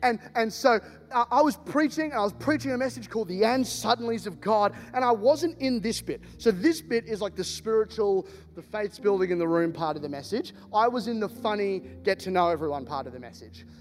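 A man preaching a sermon, telling stories in an animated, joking way. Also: sits high, a little fast. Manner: animated, jokey storytelling with laughs. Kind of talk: storytelling sermon. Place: church hall. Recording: reverberant hall, faint music.

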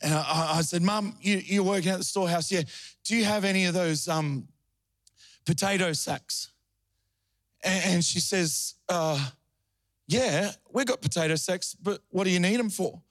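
A man's voice: high voice, moderate pace, a bit bright, no echo, studio quality. A middle-aged man preaching a sermon, telling a story and then rising into fervent preaching. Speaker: pastor.

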